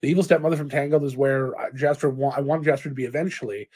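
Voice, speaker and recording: A man's voice: mid-range voice, fast talker, darkish tone, breathy edge. A man co-hosting a casual tabletop gaming stream, rambling and self-deprecating. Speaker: co-host, dungeon master. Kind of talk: casual chat.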